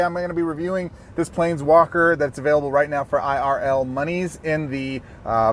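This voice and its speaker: A man's voice: fairly high pitch, a little hiss or hum. A man hosting a playful video review of a mobile card game, full of jokey, self-mocking asides.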